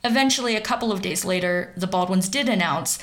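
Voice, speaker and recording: A woman's voice: medium pitch, a little fast, a bit bright. Sardonic woman dishing celebrity gossip. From central Pennsylvania, US. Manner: sarcastic, wry asides. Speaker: commentator.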